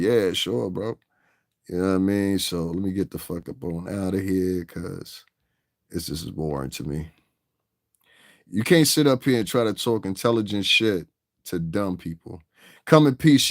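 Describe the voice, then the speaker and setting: A man's voice: deep voice, dry recording, studio quality. A man hosting a livestream, ranting angrily and combatively with heavy profanity. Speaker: livestream host. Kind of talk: casual livestream rant.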